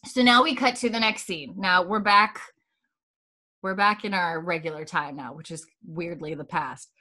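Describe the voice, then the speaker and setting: A woman's voice: on the low side, normal speed, sharp tone. A woman from Canada, a podcast co-host recapping a TV episode in casual chat, laughing often and acting out lines. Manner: chatty, laughs often, acts out quoted lines.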